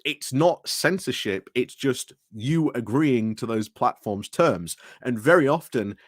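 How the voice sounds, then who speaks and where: A man's voice: medium pitch, lively intonation, a little slow, dry recording, studio quality. A British man hosting a casual livestream, rambling through commentary with restarts and greetings to chat, recorded indoors at home. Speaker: livestream host.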